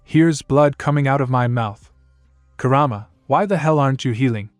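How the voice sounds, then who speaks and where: A man's voice: mid-range voice, moderate pace, no echo. Male narrator, first-person fanfic, wry complaining tone, dry booth sound, faint music bed. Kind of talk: first-person fan fiction reading.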